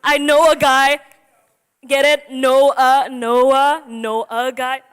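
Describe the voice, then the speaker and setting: Her voice high, smooth, a bit bright, and level in tone, a nervous seventeen-year-old girl takes her youth sermon slowly. She jokes and giggles at her own expense, jittery the whole way, in a reverberant church sanctuary.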